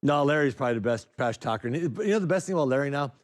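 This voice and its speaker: Laughing former player telling stories. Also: male voice, medium pitch, rapid-fire. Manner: laughing often, animated. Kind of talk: casual storytelling on a talk show.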